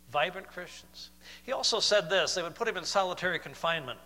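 A man preaching a sermon, moving between loud, emphatic declarations and soft, slow, questioning passages. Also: high-pitched, big-room sound.

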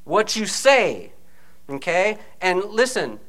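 High, bright-voiced animated male preacher. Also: slow. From United States. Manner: animated, conversational preaching with frequent "okay?" asides. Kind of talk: sermon.

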